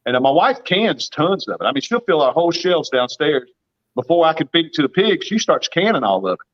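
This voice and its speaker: Joining a casual livestream by video call, a fiftysomething farmer from the American South shares folksy tales, often breaking into laughter. His fairly high voice has a sing-song lilt and a fairly quick pace, and the audio's high frequencies are cut off.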